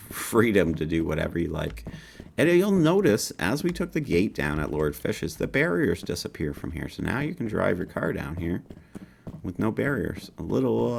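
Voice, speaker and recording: A low, gravelly man with a slight northern Canadian accent walks through his own video game in a relaxed, upbeat way. His pitch swings widely as he points things out, and faint keyboard clicks sit behind him. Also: a little hiss or hum. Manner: casual, upbeat, folksy asides like "baby". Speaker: game developer showing his game. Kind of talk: gameplay walkthrough commentary.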